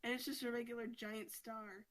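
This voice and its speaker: Chatty podcast girl retelling a comic, kinda high voice, lots of "like". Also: little pitch movement, normal speed, poor audio. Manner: chatty, fillers of "like", frequent laughter. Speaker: podcast host. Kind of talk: casual recap of a comic story.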